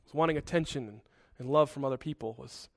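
A man's voice: medium pitch, fast, gravelly, no room sound, studio quality. A male pastor preaching a sermon in an earnest, conversational way, with asides.

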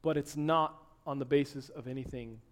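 A man preaching a sermon, dropping to hushed tones and then rising to loud, emphatic exhortation. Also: mid-range voice, fairly even intonation, normal speed. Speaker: pastor.

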